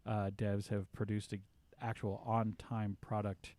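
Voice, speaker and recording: A man's voice: lowish voice, level tone, unhurried, warm tone, dry recording. A man casually chatting on a livestream, rambling with lots of fillers and restarts. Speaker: streamer.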